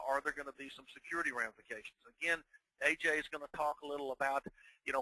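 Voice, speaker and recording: Guy w/ a northeast new york accent presenting a webinar, kinda high and bright, dry close sound, lots of rhetorical questions. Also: no room sound, rough recording. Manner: conversational, poses rhetorical questions.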